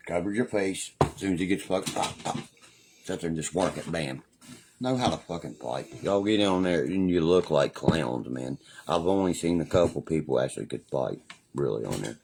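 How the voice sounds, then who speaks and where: Deep-voiced West Virginia man ranting profanely. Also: sing-song, moderate pace, darkish tone, a little hiss or hum. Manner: profane, boastful, keeps asking "you know what I mean". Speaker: live streamer. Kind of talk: casual ranting livestream.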